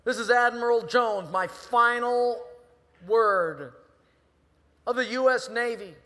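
A man playing a pompous male navy admiral who barks orders in a booming voice. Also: takes it slowly, pushed and bright, heavily acted. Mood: commanding. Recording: long reverb in a hall.

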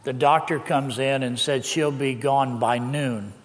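An older man, a pastor, telling a personal story in a sermon with lively, laughing delivery. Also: mid-range voice, measured pace. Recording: long hall reverb.

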